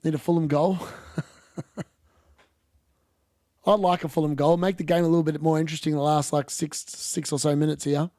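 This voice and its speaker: A man's voice: on the high side, little pitch movement, moderate pace, long pauses, dark tone, no room sound, studio quality. A man hosting a football watch-along, chatting casually and bluntly over live play with mild swearing. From Australia. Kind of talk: casual live match commentary.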